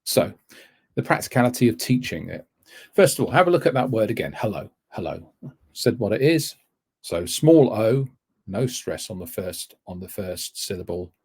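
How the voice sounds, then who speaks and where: A man's voice: lowish voice, sing-song, moderate pace, darkish tone, slightly rough. A man giving a teaching webinar, rambling and correcting himself often as he explains. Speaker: TEFL course tutor. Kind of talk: webinar lecture.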